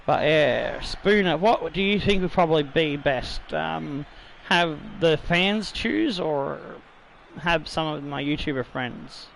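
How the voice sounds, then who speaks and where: A man's voice: on the high side, slow pace, vocal fry, fairly bright tone, a little hiss or hum, rough recording. A man hosting a football video game let's-play in a chatty, rambling way, a bit tipsy with slightly slurred words and casual swearing. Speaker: gaming YouTuber host.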